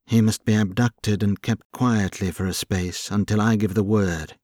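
A man's voice: on the low side, steady tone, moderate pace, darkish tone, no echo, clean studio sound, natural voice. A man reading an audiobook, voicing an angry rich young man who plots a kidnapping, curt and commanding. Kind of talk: audiobook character voice.

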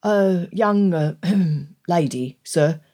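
A woman's voice: fairly low pitch, extremely slow, mellow. A woman voicing a discreet male butler in an audiobook, speaking formally and politely.

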